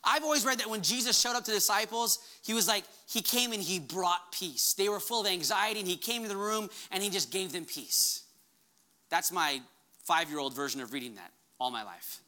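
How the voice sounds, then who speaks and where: Man, pastor, sermon, bright voice, impassioned, church congregation. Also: brisk. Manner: impassioned, rises in pitch for quoted commands. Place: church hall before a congregation.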